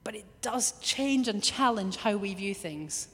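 A woman preaching a lively sermon, now and then acting out little quoted voices. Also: mid-range voice, unhurried. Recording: long hall reverb.

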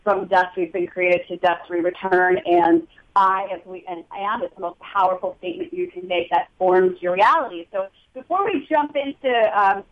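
A woman's voice: lowish voice, moderate pace, lo-fi sound. A woman talk-show host with a New Jersey accent asks questions in a chatty, enthusiastic way. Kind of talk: casual interview chat.

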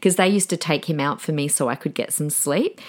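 A woman's voice: deep voice, a little fast. A woman in her thirties hosting a solo podcast, chatty and encouraging, with small restarts as she talks. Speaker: podcast host.

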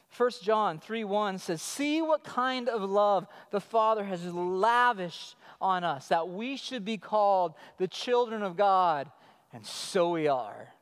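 A man in his thirties preaching a sermon as pastor, telling stories in an animated way and acting out his child's calls. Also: high-pitched. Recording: long hall reverb.

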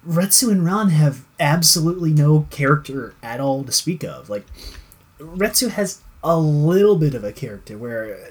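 Casual male co-host, husky and rambling, with lots of fillers. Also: a little high, animated, moderate pace. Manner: rambling, many fillers and restarts, swears casually. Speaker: co-host discussing a TV show. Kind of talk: casual chat.

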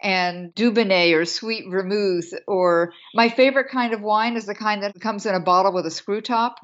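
A woman's voice: mid-range voice, moderate pace, dull audio. A woman in her seventies, chatting as an interview guest in a witty, laughing manner. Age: 70s. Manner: warm, witty, laughs often. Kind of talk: casual interview chat.

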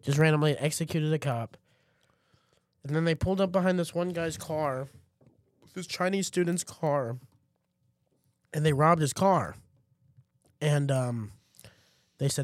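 A young man chats on a podcast, retelling events with excited energy and sudden loud acted-out quotes. His voice sits a little high. The studio sound is dry and close. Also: measured pace, pauses often, no room sound. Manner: excited storyteller, acts out quoted voices loudly. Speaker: podcast co-host. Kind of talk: casual chat.

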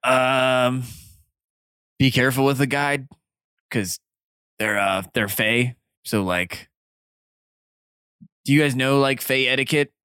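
A man acts as game master for a group of players, explaining the rules of the world in a loose, halting way. His voice is bright and clear. The sound is close and dry. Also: mid-range voice, dry recording. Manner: loose and hesitant, many fillers.

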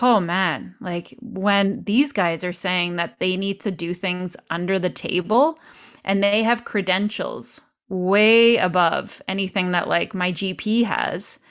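A chatty woman hosting a podcast, telling her story at an everyday middle pitch. She is from Canada and acts out her own past remarks as she goes. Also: fairly bright tone. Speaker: podcast host. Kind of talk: casual conversational interview.

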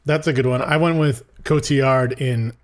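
A man's voice: mid-range voice, steady tone, normal speed. A man co-hosting a casual film podcast, joking and argumentative, with some swearing. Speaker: podcast co-host.

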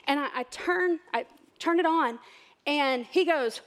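High-voiced chatty woman. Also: normal speed. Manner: chatty, excited, laughs often. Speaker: church speaker. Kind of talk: church talk with personal stories.

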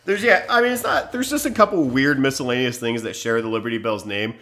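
A man in his thirties co-hosting a podcast, cracking sarcastic jokes and quick quips in casual chat. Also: medium pitch, lively intonation, sharp tone. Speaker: podcast co-host.

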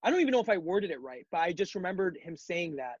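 A man's voice: sits high, big pitch swings, quick pace, dry recording, muffled recording. A man as a podcast guest in casual chat, talking reflectively and encouragingly with many ums.

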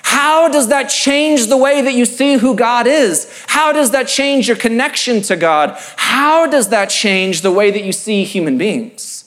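A pastor giving an earnest, emphatic sermon-style talk, reading scripture and building through repeated phrases. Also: male voice, very high voice, expressive, unhurried, hardly any pauses, fairly bright tone.

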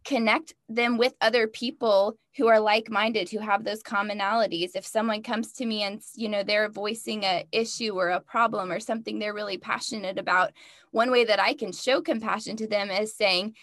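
A woman's voice: mid-range voice, steady tone, normal speed, fairly bright tone, no room sound, studio quality. A woman consultant speaking in a reflective, encouraging way during a casual discussion.

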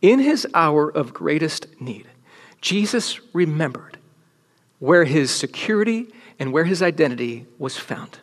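A very animated man with a somewhat high voice preaches at a measured pace to a crowded large room. His emphatic sermon dips into near-whispers to drive points home, trailed by long reverb.

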